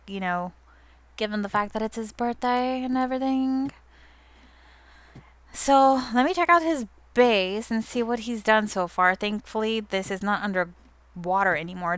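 A woman's voice: medium pitch, fairly bright tone. A young woman who hosts a gaming channel, chatting casually and giggling as she narrates her own gameplay.

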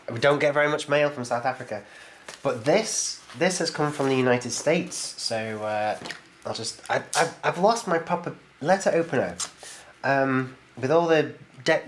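A man's voice: mid-range voice, a bit bright, a little hiss or hum. A man hosting his own channel, chatting cheerfully and laughing often as he opens and reads viewer mail aloud. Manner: chatty and enthusiastic, laughs often, talks to the camera. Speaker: YouTube channel host opening viewer mail. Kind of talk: casual chat, reading letters aloud.

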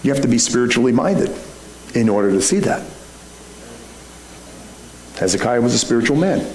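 A man's voice: medium pitch, big pitch swings, moderate pace, darkish tone. A male pastor preaching a sermon in a conversational style, full of rhetorical questions. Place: church sanctuary. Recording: echoey room, faint background hum.

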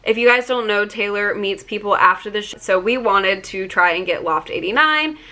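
Speaking at a normal pace in a mid-range voice with a sharp edge, this young vlogger shares something personal. She's chatty and fills her sentences with "like," and emotion catches in her throat.

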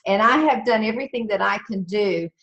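A woman's voice: mid-range voice, fairly quick, fairly bright tone, low-quality recording. A woman from the Southern United States moderating a webinar, asking questions in an affirming, conversational way.

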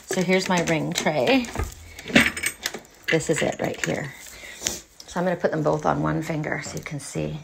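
A woman's voice: steady tone, normal speed, creaky, pauses often, background noise. A woman reading oracle cards, chatting casually and rambling at home, sometimes losing her train of thought. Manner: coos in a high baby voice to her pet. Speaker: oracle card reader. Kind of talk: casual chat to camera.

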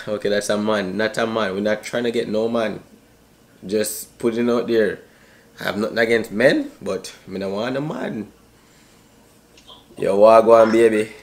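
A man's voice: medium pitch, vocal fry. Joking young Jamaican man vlogging. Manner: joking, slangy banter. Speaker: YouTuber. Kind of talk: casual vlog chat.

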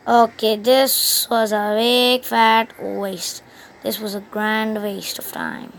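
High-voiced rambling woman gaming vlogger. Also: steady tone, takes it slowly, low-quality recording. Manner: rambling, many restarts, loses track of the story. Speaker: gaming channel host. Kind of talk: casual gaming commentary and story retelling.

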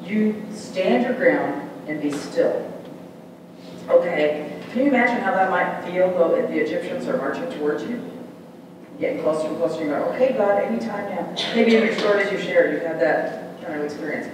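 Animated preacher in echoey church hall. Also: male voice, on the high side, moderate pace, distant mic, noisy background. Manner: animated, call-and-response preaching. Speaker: pastor. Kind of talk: sermon. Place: large church sanctuary.

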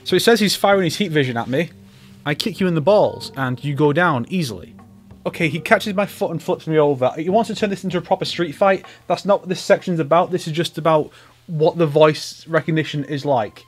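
A man's voice: fairly high pitch, brisk, faint music behind. A man hosting a YouTube video, giving comedic commentary with wry, sarcastic asides. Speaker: YouTuber host.

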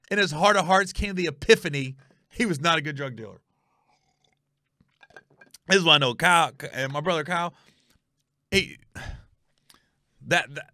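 A middle-aged man from Ohio hosts a comedy podcast, telling stories in an animated, emphatic way with quick asides and self-corrections. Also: a little high, dry recording, clean studio sound. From Ohio, USA.

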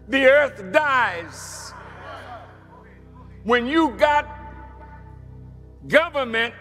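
High-voiced man preaching slowly in a hall. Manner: dramatic preaching, swinging from hushed to shouting. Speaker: minister. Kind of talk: sermon.

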